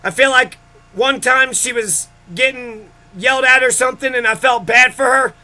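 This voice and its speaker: Angry vlogger, male, high and bright voice, bitter and profane, rants straight to camera. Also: fairly even intonation, normal speed. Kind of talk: angry personal rant.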